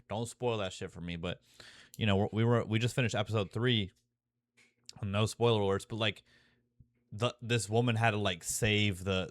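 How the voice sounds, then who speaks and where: A young man with a lowish voice rambles through a casual monologue, swearing freely and tripping over fillers and restarts. He gets more emotional and intense as he talks. The sound is dry and close, with no room echo. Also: a bit bright. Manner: profane, filler-heavy, restarts often.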